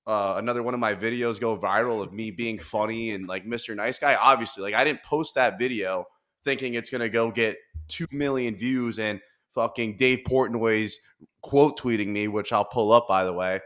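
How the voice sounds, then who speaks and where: A man hosting a casual podcast, talking in animated, profane rants with bursts of laughter. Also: lowish voice, moderate pace. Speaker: podcast host.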